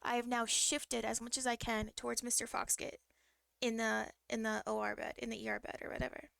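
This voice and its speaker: A young woman streaming live tells a personal story in a loose, rambling way, circling back with fillers and restarts. Her voice sits a little high and carries a heavy gravelly fry. The sound is close and dry, with no room around it. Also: level tone, fairly quick, fairly bright tone, dry recording. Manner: emotional, vivid retelling. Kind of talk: casual storytelling.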